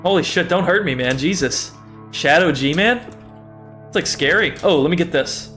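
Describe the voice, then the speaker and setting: A young male streamer with a slightly higher-than-usual voice rambles through a game, chatty and loose. He swears freely and keeps mocking himself, laughing often as he talks to his chat. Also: normal speed, bright, forceful tone, faint music behind. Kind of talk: casual gaming livestream commentary.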